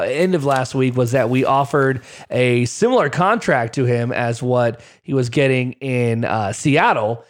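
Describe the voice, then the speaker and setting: A man co-hosting a casual sports podcast, talking in a chatty way with frequent "uh" fillers. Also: medium pitch. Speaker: podcast co-host.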